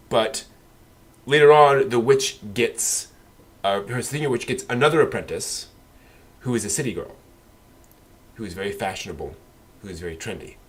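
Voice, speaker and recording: Guy chatting about anime on a podcast, kinda low voice, lots of ums and restarts. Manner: rambling, many fillers and restarts. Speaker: podcast co-host. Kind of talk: casual anime discussion.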